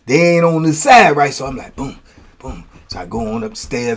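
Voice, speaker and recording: A man telling stories from prison in a casual, animated way, acting out blows with sound words. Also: mid-range voice, normal speed, breathy edge. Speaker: storyteller, host.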